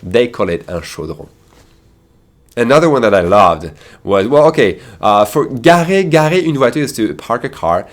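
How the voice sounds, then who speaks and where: A man's voice: medium pitch, very animated, moderate pace. A man from France with a French accent, teaching a casual video lesson with chatty asides and fillers.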